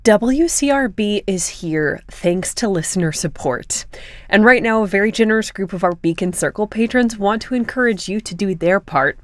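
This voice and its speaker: A female classical radio host announcing pieces and making a measured on-air appeal for listener support. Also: medium pitch, animated, no room sound, faint music behind. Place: radio studio. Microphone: studio microphone.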